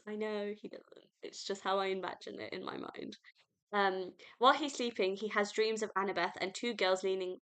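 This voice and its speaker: British woman host, bright and crisp, chatty rambling book review, filler-heavy delivery. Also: medium pitch. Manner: rambling and gushing, many fillers like "like". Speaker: podcast host. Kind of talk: casual solo book review.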